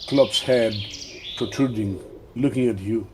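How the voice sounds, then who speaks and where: A man narrating a tabletop role-playing game as game master, in a slow, deliberate storytelling manner. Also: mid-range voice, noisy background.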